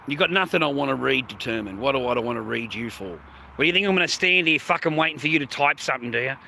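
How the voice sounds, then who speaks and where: A man's voice: a little high, sharp tone, slight background noise. A man live streaming, ranting at his chat in a profane, sarcastic, confrontational way, outdoors on a city street.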